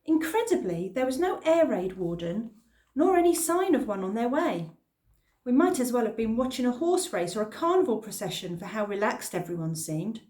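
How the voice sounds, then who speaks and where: A woman reading a children's novel aloud in the first person, with expressive storytelling. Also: fairly high pitch, normal speed. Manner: expressive storytelling, lively emphasis. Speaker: reader. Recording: roomy echo.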